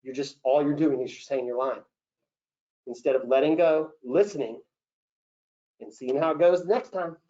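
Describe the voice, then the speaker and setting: A man running an acting Q&A as a casting director, coaching actors in an animated way and acting out example lines. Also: medium pitch, normal speed, long pauses. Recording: dull lo-fi session recording.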